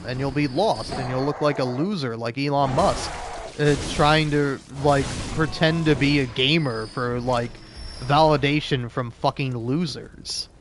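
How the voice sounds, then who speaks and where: A young man rambling sarcastically while playing a game, with frequent swearing. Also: medium pitch. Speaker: gaming channel host. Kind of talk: casual gameplay commentary.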